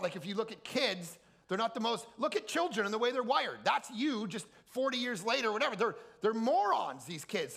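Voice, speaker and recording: A middle-aged man preaching with a bright, forceful, gravelly voice that sits fairly high. He tells jokes and acts out quotes in a higher voice. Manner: animated, jokey storyteller acting out quotes in a high voice. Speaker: pastor. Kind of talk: sermon; energetic comic preaching. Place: large hall at a camp.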